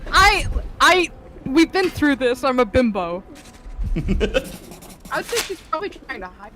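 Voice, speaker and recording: A woman's voice: high-pitched, very animated, unhurried, pushed and bright. A woman co-streaming a video game, teasing and laughing often in casual banter. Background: game music.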